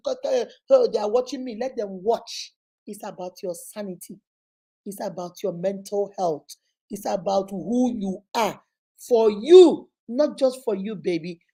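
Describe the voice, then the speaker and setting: A woman's voice: mid-range voice, warm tone. A woman hosting a live advice session, emphatic and motherly, repeating points and calling the listener baby. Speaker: relationship advice host and child therapist.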